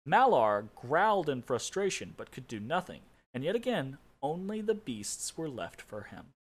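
A man narrates a story from a game for his let's play, breaking off for amused, casual asides. His voice sits a little high and rises and falls in a lively way. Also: normal speed. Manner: amused, laughs often, swears casually. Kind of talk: reading a game story aloud with casual commentary.

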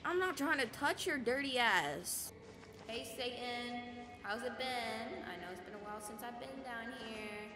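A woman's voice: a little high, measured pace. A woman playing a horror game and commenting as she goes. She jumps, screams and swears, and she cracks jokes at the game's characters. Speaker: let's play gamer.

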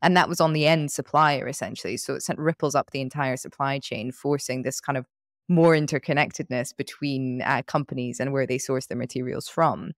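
Gravelly-voiced curious podcast host. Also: medium pitch, no echo, studio quality. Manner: curious, quick reactions, follow-up questions. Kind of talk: conversational interview.

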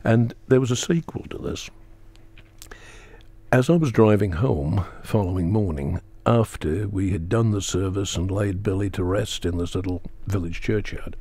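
A man telling a personal story as a talk show guest, earnest and slowing down for emphasis. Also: low voice, dark tone, slightly rough, no room sound. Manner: earnest, dramatic pauses, acts out quotes; slows for emphasis.

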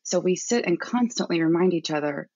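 A young woman from Arkansas speaks candidly and laughs easily as a podcast guest. Her voice sits on the low side. The audio is dull and bone-dry, like a remote call with no room sound. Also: expressive, fairly quick, a little mellow, no room sound. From Arkansas, USA. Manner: candid and chatty, laughs often. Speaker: guest hiker. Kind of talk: casual podcast interview.

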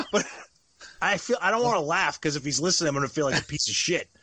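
A man's voice: a little high, lively intonation, fairly quick, bright, forceful tone, a little hiss or hum. A man co-hosting a casual podcast chat, giggly and apologetic in his banter. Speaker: podcast co-host.

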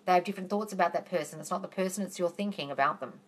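A woman's voice: fairly low pitch, very fast. A woman hosting a live question-and-answer stream, answering viewers in a chatty, reassuring way and calling them darling. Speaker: manifesting coach hosting a live Q&A.

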